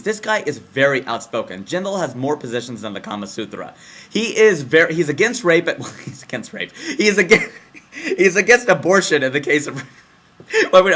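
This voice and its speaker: A young man doing a casual, slangy comic commentary monologue, jumping between excited bursts and low deadpan asides. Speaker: comedian. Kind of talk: comedic political commentary monologue.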